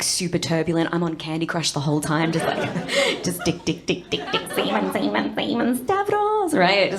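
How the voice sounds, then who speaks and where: An Australian woman in her thirties doing stand-up, telling a bawdy story in a brash, conversational way with constant tag questions. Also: fairly low pitch. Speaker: stand-up comedian. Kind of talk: stand-up comedy. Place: comedy stage before an audience.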